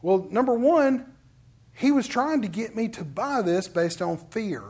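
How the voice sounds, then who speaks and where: Guy giving a sermon, pretty high voice, tells stories and does the other people's lines. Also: unhurried. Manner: conversational storytelling preaching, quotes others in lively voices. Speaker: pastor.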